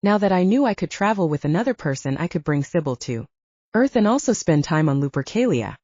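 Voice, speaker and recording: A woman narrating a first-person audiobook in an expressive storytelling manner, close to the mic. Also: lowish voice, brisk, no room sound. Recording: slightly dull, dry recording.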